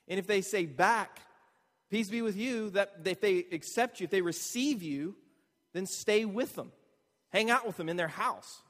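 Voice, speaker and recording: A man preaching a conversational sermon, animated and asking the listeners rhetorical questions. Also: high voice, in a large hall. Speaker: pastor.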